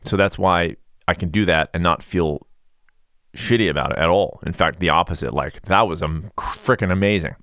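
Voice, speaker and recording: A man hosting a podcast in a relaxed, mellow mood, chatting in a rambling way with a sarcastic streak. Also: low voice, normal speed, dry recording, clean studio sound. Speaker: podcast host. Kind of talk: casual podcast monologue.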